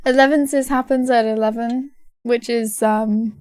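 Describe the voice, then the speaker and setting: A woman's voice: fairly high pitch, steady tone, measured pace, a little mellow, faint music behind. A woman streaming a game, chatting casually and giggling with viewers. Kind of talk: casual chat.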